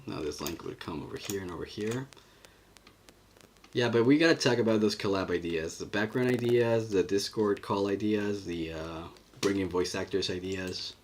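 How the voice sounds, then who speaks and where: A low-voiced man livestreams himself working on animation, chatting casually, thinking aloud as he draws, and reading the chat. Slight background noise is audible.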